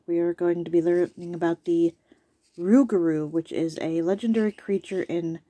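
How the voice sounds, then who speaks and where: Low-voiced chatty woman at her desk. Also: mellow. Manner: rambling, chatty, with many ums and asides. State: voice worn from allergies. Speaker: YouTube host. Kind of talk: casual chat about cryptids.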